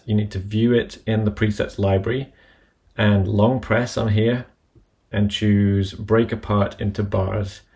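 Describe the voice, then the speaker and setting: Gravelly low-voiced man walking through software steps. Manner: methodical step-by-step instruction. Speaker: app tutorial presenter. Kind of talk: screen-recorded software tutorial.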